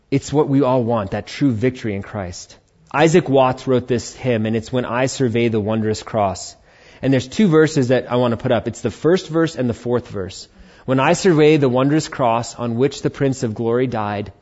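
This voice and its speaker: A male pastor preaching a Sunday sermon, swinging between sudden loud emphatic bursts and soft, low asides. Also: highs cut off. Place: church.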